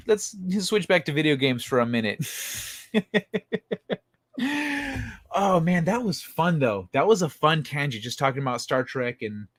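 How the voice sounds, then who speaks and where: His mid-range voice is a bit bright as he hosts a laid-back livestream, wandering through tangents and fillers, reading chat comments aloud, laughing often, and swearing freely. It's studio-quality audio with no room sound.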